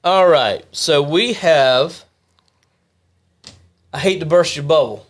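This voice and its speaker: A man's voice: on the high side, animated, takes it slowly. A man, co-hosting a podcast in casual, jokey chat and often steering the talk back on track. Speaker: podcast co-host.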